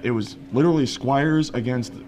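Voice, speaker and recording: A man's voice: medium pitch, normal speed, darkish tone, a little hiss or hum. A man doing live game commentary, analytical and explaining the strategy step by step. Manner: analytical, with frequent fillers and restarts.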